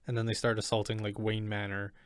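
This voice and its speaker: Podcast cohost guy, smooth clear voice, super dry close sound, keeps pushing his point. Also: fairly low pitch, completely flat delivery, quick pace, no echo. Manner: insistent, argues his point with repeated filler words. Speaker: podcast co-host. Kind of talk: casual chat.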